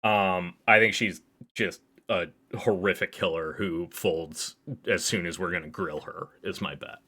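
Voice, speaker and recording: A man's voice: low voice, steady tone, measured pace, pushed and bright. A man streaming a visual novel, chatting casually in a rambling way and reading the game's text aloud. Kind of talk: casual livestream commentary while playing a visual novel.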